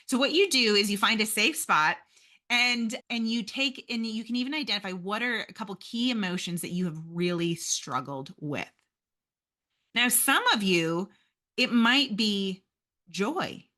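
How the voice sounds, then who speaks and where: A woman hosting a podcast speaks directly to her listeners, calling them "you guys," in an earnest, encouraging, faith-based motivational talk. Her voice is medium-pitched, bright and forceful.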